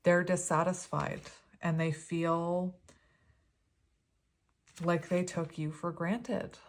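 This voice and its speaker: A woman reading tarot cards for viewers, chatty and gushing, with many pauses and restarts. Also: lowish voice, flat delivery. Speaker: tarot reader. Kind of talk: pick-a-card tarot reading.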